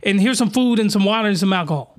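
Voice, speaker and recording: A man's voice: sits high, fast talker, close to an everyday voice. A man doing a pushy street-talking bartender. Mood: coaxing. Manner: slangy, drawling "son". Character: scheming adult male bartender, pushy.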